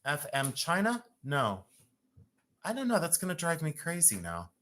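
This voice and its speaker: A host sells rings on a live stream from home, her bright, forceful voice pitched mid-range but swooping wildly, at normal speed. The jewelry sale talk is loose, chatty and joking, with frequent laughter between prices and stone names.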